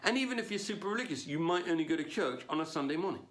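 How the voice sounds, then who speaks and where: A comedian performing stand-up for an online audience. His slightly high voice swings widely in pitch. He jumps from loud punchlines to low, muttered asides. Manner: animated, quick shifts between loud punchlines and low asides.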